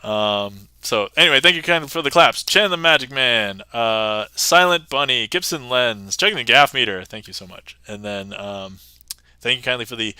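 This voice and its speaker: Man, magic livestream host, very bright tone, smooth clear voice, dry close mic, chatty, upbeat. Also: medium pitch, animated, moderate pace, dry recording. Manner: chatty and upbeat, reading chat aloud with thanks. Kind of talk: casual livestream chat.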